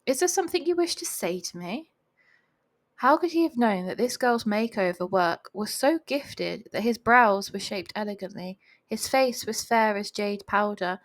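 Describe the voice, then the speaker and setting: Giggly young woman reading a novel aloud. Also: medium pitch. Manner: giggly, chatty asides. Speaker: reader of a novel. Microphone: home voice recording.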